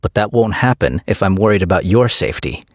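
A man doing a protective father with a low, rumbling voice that lays down the law with no-nonsense firmness. The sound is dry and close, with no room around it, as in an audiobook character voice. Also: animated, brisk, no echo, lightly acted. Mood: stern. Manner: stern, commanding, no-nonsense. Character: firm protective middle-aged father.

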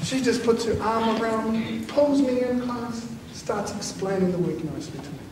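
Animated New man as storytelling school speaker, high voice, distant in a big hall. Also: moderate pace, noisy background. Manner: animated, laughing, acts out voices. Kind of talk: storytelling talk to students. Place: large school hall with students. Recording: echoey hall from far off with crowd.

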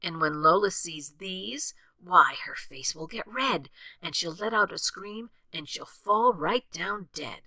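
A woman's voice: fairly low pitch, animated, unhurried, sharp tone, dry recording, exaggerated voice. A woman voicing a vain young female bird who gloats with a giggle. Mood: gloating.

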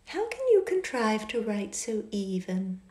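A fawning young society lady with a high, gushing, sing-song voice that drops now and then into a breathy whisper, as a woman reads her out in an audiobook. The sound bounces around the small, echoey space of a car. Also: very animated, a little slow, mellow.

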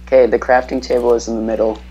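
Casting: very deep-voiced woman, blunt teasing gamer, noisy voice chat with key clicks. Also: flat delivery, fast talker, warm tone, lo-fi sound. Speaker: game player. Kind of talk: casual gaming chat.

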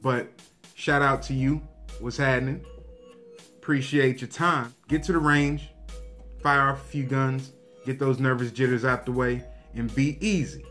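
A young man vlogger telling a story to his viewers, animated and profane, acting out the lines of the people in it. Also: medium pitch, measured pace, soft background music. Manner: animated, profane, acts out quotes. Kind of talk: casual storytelling to camera.

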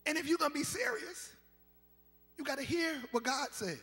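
A high, bright, gravelly voice from a pastor in his fifties, rising and falling in a sing-song, whooping sermon cadence that climbs into shouts. He is recorded live in a large sanctuary, with long reverb and faint organ behind him. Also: animated, moderate pace. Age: 50s.

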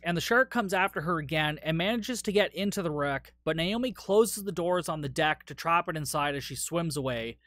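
Casual male podcast host, tired, swears freely, slightly high voice, dry close mic. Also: moderate pace, hardly any pauses, a bit bright, dry recording. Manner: casual and profane, rambling recap. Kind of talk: solo movie review podcast.

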